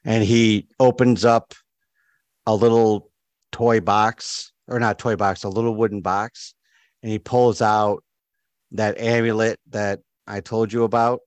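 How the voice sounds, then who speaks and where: A man's voice: lowish voice, level tone, measured pace, no room sound, highs cut off. Male game master, loose rambling narration, dry sound. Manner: casual, rambling narration with fillers.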